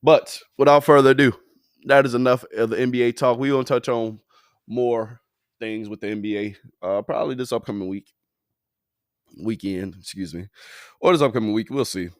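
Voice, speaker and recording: A man's voice: mid-range voice, moderate pace, dry recording, studio quality. A man hosting a casual sports podcast. He sounds tired and yawns, and his talk is slangy, profane, loose and rambling. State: tired, yawning.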